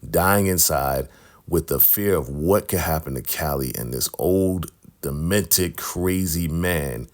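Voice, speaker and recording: A man's voice: rumbling low, slow. A middle-aged man casually recapping a TV episode, animatedly acting out characters' lines. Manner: animated, retells scenes by acting out quotes. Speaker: recap host.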